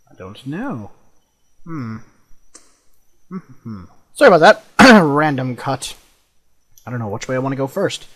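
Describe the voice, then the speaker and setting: Young dude rambling through a game, swears a lot, voice bounces up and down. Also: male voice, medium pitch, a little hiss or hum. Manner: chatty, swears, jumpy exclamations. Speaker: let's play host. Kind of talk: casual gameplay commentary.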